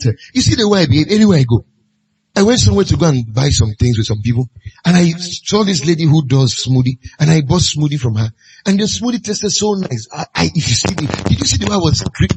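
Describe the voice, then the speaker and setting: A man's voice: a little high, big pitch swings, fast, darkish tone, breathy edge. A man preaching a sermon, pressing his point with repeated rhetorical questions. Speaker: pastor.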